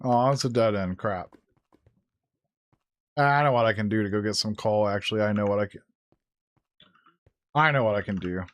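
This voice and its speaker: A man's voice: on the low side, moderate pace, pauses often, no echo. Chatty man streaming a game, dry mic. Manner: chatty, easily startled, laughs often. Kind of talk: casual gameplay commentary.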